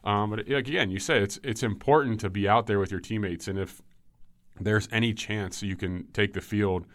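A man in his thirties, a former football player, telling injury stories in a relaxed way with many ums. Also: fairly low pitch, normal speed, dry recording, clean studio sound. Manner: relaxed storytelling with frequent ums and likes. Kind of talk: casual podcast chat.

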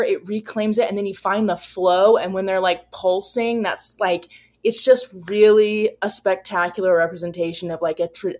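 A woman co-hosting a podcast, talking earnestly and reflectively in casual chat, with frequent fillers. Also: mid-range voice. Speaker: podcast co-host.

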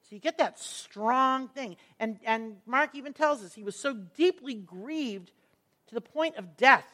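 A woman teaching a Bible passage, earnest and emphatic, slowing down to stress key words as she explains the verses. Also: a little high, pushed and bright.

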